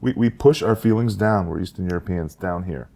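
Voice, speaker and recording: A slightly hoarse man rattles on quickly in a very deep, gravelly voice. He co-hosts a casual comedy podcast and tells his stories in a rambling way. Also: dark tone. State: slightly hoarse after a chest infection.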